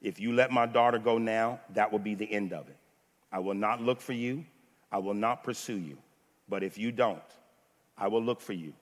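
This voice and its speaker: A coldly menacing ex-agent father, as a preacher acts him out, speaking low, slow and quietly threatening. His voice rings with the long reverb of a big hall. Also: natural voice. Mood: cold menace.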